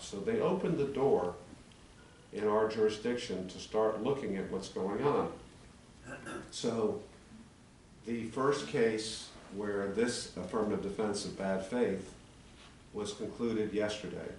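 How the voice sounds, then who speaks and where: A man's voice: on the low side, measured pace, darkish tone. Echoey older man arguing a legal case. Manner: argumentative, building a legal case. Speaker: attorney addressing town commission. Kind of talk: formal presentation at a public meeting. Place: town commission meeting chamber. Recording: echoey chamber, distant mic, faint hum.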